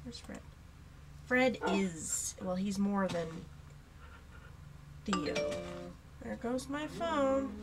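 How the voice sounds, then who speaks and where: Slow, lively young woman chatting casually. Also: medium pitch, heavy background noise. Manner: chatty, rambling, giggly. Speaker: let's play host. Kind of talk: casual gameplay commentary.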